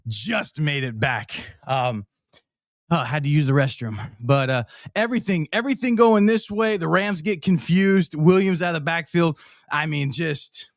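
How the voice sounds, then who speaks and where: A man hosting a casual livestream, reacting to a football game with excited, rambling commentary and many fillers, often out of breath. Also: a little high, moderate pace, no room sound, clean studio sound. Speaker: livestream host. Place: home.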